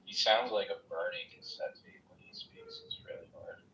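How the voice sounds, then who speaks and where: A man's voice: lowish voice, wildly swooping pitch, normal speed, a bit bright, lo-fi sound. A man in a casual political chat, joking with a wildly swooping delivery. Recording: roomy, distant mic with faint noise.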